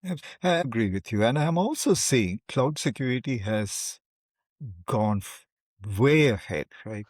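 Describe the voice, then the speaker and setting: A man's voice: mid-range voice, animated, a little slow, no echo, studio quality. A man hosting an interview podcast, speaking emphatically and often repeating the first word of a sentence. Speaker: podcast host. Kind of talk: interview conversation.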